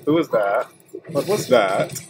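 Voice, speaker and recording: A man's voice: medium pitch, lively intonation, slow pace. A man streaming a video game live, complaining and swearing in casual commentary. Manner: exasperated, profane trash talk. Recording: noisy stream audio with clicks.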